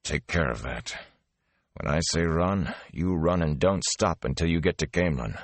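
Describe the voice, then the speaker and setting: A man voicing a gruff older male gleeman who mutters and growls hoarsely. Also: rumbling low, a little slow, no room sound, full character voice.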